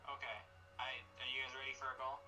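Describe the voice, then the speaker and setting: A man's voice: mid-range voice, completely flat delivery, quick pace, bright, forceful tone, far from the mic, faint music behind. A man casually playing a game with friends over voice chat, announcing the challenges and counting down the starts. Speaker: player running the challenges. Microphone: on mobile data connection.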